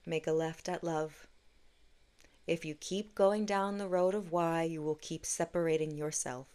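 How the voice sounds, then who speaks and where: A woman voicing the soft, gentle voice of God, speaking slowly and calmly. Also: low voice, smooth. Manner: slow and calm.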